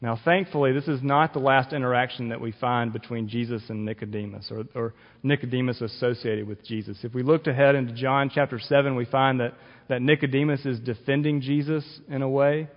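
A man's voice: medium pitch, steady tone, brisk. A male pastor giving an earnest sermon, explaining scripture with occasional restarts. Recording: dull audio with long reverb in a hall.

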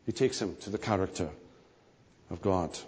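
A man preaching a sermon, emphatic and animated, his emphasis rising and falling. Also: low voice, moderate pace, breathy edge. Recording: long hall reverb.

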